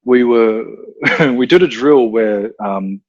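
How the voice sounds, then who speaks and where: A man talking as a podcast guest, blunt and profane, telling animated stories in casual conversation. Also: mid-range voice, slow, no echo, lo-fi sound. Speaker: podcast guest, combat instructor.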